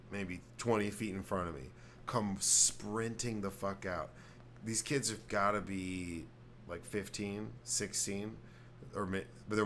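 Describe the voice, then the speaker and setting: Loose, profane podcast host, low voice. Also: male voice, a bit bright, slight background noise. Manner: loose, profane banter, quick to laugh. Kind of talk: casual chat.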